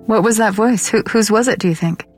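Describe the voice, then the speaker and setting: A woman reporter narrating a scripted story and asking interview questions in a measured way. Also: mid-range voice, over music. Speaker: radio reporter and host.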